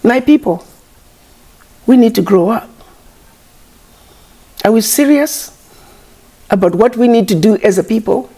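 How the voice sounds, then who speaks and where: Woman, impassioned address, scolding, rhetorical questions, mellow voice. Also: a little high, a little slow, long pauses, breathy edge. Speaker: advocate addressing critics.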